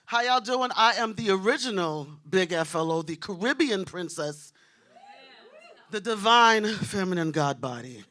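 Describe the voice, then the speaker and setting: A woman from Queens, doing a brash, animated stand-up set on a comedy club stage and talking straight to the crowd. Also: mid-range voice, measured pace. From Queens, New York. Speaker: stand-up comic.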